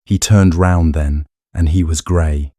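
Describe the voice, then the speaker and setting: A male narrator reading a period romance audiobook in a measured storytelling way. His voice is very low and mellow. The recording is close and dry. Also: steady tone, no room sound.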